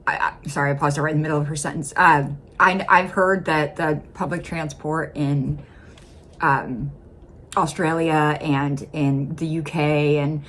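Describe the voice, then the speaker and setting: An American woman chatting casually as she hosts a reaction video, often filling pauses with um and like, recorded at home on a desk mic. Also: deep voice, fairly bright tone. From United States. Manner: chatty, hedging with many ums and likes.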